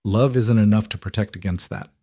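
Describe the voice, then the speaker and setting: A man's voice: mid-range voice, animated, normal speed, a little mellow, no room sound, clean studio sound, lightly acted. A man voicing a wary, frightened widowed frontier mother whose guarded voice rises and breaks. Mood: fearful. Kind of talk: audiobook character reading.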